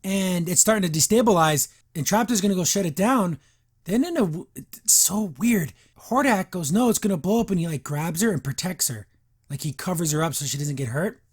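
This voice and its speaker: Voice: mid-range voice, expressive, moderate pace, husky. Rambling, wry podcast host reviewing a cartoon. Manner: rambling, filler-heavy, wry and incredulous. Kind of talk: casual episode recap and review.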